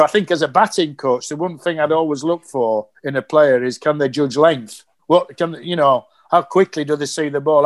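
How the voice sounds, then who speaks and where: Man, middle-aged, slightly high voice, animated storyteller, casual podcast. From Yorkshire, England. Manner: animated anecdotes with acted quotes. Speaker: guest, former cricket coach.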